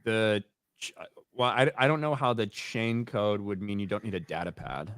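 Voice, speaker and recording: A man's voice: fairly low pitch, normal speed, fairly bright tone, clear, resonant tone, no room sound, clean studio sound. A man co-hosting a livestream chat, talking in a hesitant, rambling way with many restarts. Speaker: co-host.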